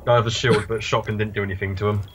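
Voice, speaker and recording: A man gaming with friends in casual chat, joking and animated. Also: fairly low pitch, racing. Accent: Canadian. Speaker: gamer. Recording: dull lo-fi mic with faint noise.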